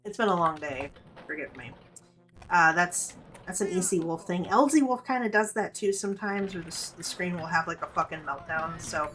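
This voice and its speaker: Low-voiced, foul-mouthed woman streamer. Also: lively intonation, moderate pace, fairly bright tone, soft background music. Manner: profane, rambling, candid storytelling. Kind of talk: casual gameplay commentary.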